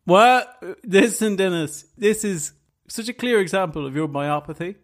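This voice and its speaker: A man's voice: high voice, animated. A man co-hosting a podcast, reading a scripted story and then hedging playfully when he is questioned. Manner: reads in measured tones, then hedges and stalls playfully when questioned. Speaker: podcast co-host presenting the story. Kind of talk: scripted narration mixed with casual banter.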